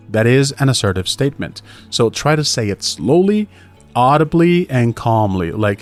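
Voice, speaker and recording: A man talks through an English lesson in a loose, chatty way, dropping in fillers and quick acted-out example lines. His voice sits at an ordinary middle pitch. Soft music plays quietly behind him. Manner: chatty, lively, fillers like right and you know, acts out example lines. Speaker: English teacher, podcast host. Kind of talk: casual instructional talk.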